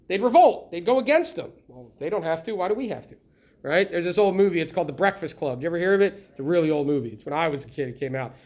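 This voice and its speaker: A middle-aged man teaching a history lesson in a classroom, lively and constantly checking in with the students by asking questions. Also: fairly high pitch, fast. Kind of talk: classroom lecture.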